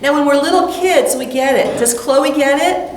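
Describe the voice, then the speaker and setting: A woman's voice: sits high, moderate pace, a little hiss or hum. A middle-aged woman giving a sermon as a minister, telling stories and acting out her own self-talk with light laughter. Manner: warm storytelling with playful acted-out self-talk and laughter. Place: church hall. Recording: echoey hall from far off.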